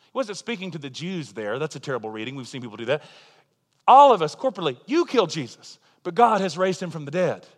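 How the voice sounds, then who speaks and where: A man preaching a sermon, swinging from quiet, confiding passages to loud, impassioned declarations. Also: on the high side, very animated, fast talker. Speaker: pastor. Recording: long hall reverb.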